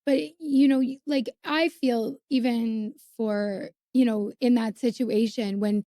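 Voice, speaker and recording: Empathetic woman co-host, mellow higher voice. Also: steady tone, takes it slowly, no room sound, clean studio sound. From Canada. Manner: supportive, empathetic interjections.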